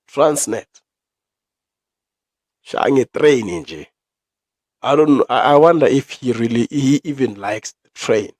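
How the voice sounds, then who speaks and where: A man's voice: mid-range voice, dry recording. Young South African male podcaster, ranting and profane, dry close mic. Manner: ranting, profane, with sudden loud outbursts. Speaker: podcast host. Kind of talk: opinion commentary podcast.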